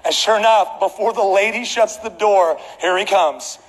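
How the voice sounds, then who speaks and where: A man preaching a sermon, telling a comedic story with animated delivery. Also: sits high, moderate pace. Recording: echoey hall with faint background noise.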